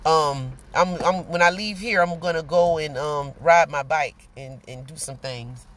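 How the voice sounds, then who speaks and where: A woman, chatting casually on a phone live stream from her car and telling an animated story. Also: sits low, unhurried. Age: 40s. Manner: chatty, animated storytelling, greets viewers by name. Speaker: vlogger. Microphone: phone camera.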